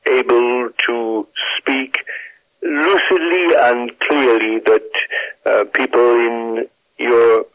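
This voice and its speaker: Elderly man, Welsh accent, very slow, measured and hesitant, dull lo-fi line. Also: mid-range voice, no echo. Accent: Welsh with a slight mid-Atlantic tinge. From Wales. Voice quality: measured, hesitant with many fillers. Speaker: retired pastor, guest. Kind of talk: reflective conversational interview.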